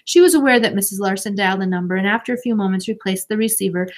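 Expressive woman reading a children's novel aloud, gentle delivery, mid-range voice. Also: mid-range voice, racing. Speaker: audiobook narrator.

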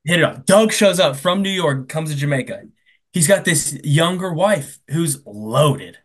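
Animated man recapping a movie. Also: a little high. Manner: animated storyteller, quick asides, acting out characters' lines in quotes. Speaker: podcast co-host. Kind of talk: casual comedic movie recap.

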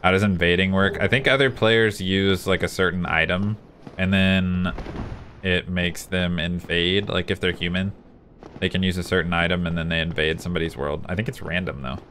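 A man's voice: deep voice, steady tone, moderate pace, a bit bright, slight background noise. A man commentating his own gameplay live, venting frustration and talking to his chat. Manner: frustrated, talks to himself and chat while playing. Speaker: gaming streamer. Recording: music playing behind.

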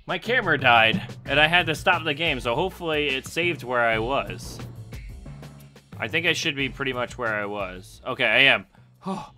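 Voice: mid-range voice, moderate pace, soft background music. A gamer giving let's play commentary, talking to themselves, swearing and yelping at sudden events. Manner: excitable, yelps and shrieks at sudden events; talks to self, swearing and laughing. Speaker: gameplay commentator.

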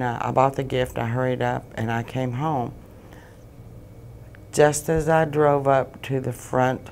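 A woman giving emotional personal testimony as an interview guest, halting and repeating phrases as she relives what happened. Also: rumbling low, darkish tone, slight background noise. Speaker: guest, bereaved mother.

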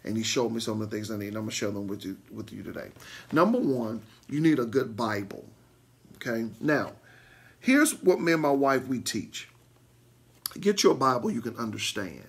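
At a moderate pace, a pastor whose voice is creaky with a breathy edge leads a Bible lesson full of emphatic repetition and frequent "okay?" check-ins. His delivery is lively, shifting from loud outbursts to low asides.

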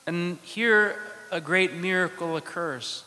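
A male priest delivers a sermon in a slow, deliberate cadence, pausing between short phrases. His voice sits a little high and has a bright, forceful edge. The church gives it a long, ringing reverb. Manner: slow, measured preaching with dramatic pauses.

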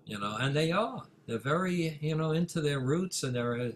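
An older man, a music manager, telling a story in an interview, full of fillers and acting out the dialogue with rising excitement. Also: fairly high pitch, normal speed, a little hiss or hum. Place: office in Manhattan.

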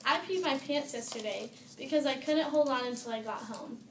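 A woman's voice: high voice, normal speed, reverberant, background noise. A woman voicing a young boy giraffe in a storybook, timid and scared.

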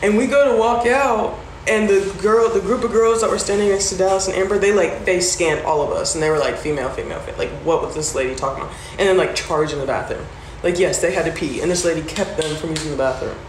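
A woman with a lowish voice talks fast on a phone livestream, casually telling a story, swearing freely and acting out the voices of the people involved. The sound is roomy, with background noise.

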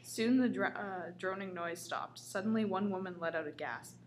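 Woman, story reader, casual, small stumbles, mid pitch, faint background hum. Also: normal speed. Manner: casual, stumbles and laughs while reading. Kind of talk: reading a comic story aloud.

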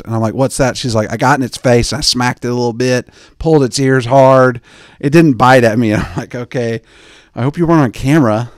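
A man's voice: medium pitch, fairly quick, no echo. Rambling joking man, dry close mic. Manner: digressive, joking, mimics people in quoted asides. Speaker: podcast host. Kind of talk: rambling comedic podcast chat.

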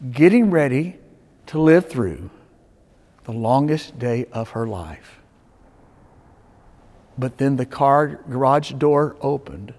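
Male pastor, sermon storyteller, animated and higher-pitched, big reverberant sanctuary sound. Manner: storytelling with dramatic swings between loud urging and hushed tones. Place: church sanctuary. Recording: long reverb of a church sanctuary.

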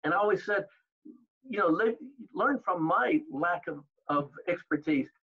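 An older man telling stories as an interview guest, animated, acting out the exchanges he recalls. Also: sits high, unhurried, vocal fry, slightly rough, muffled recording. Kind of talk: storytelling in an interview.

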